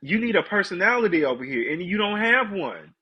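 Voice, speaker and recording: A man's voice: high-pitched, big pitch swings, fairly quick, slightly rough, highs cut off. A man with a congested voice, chatting candidly and ranting to viewers on a casual live stream.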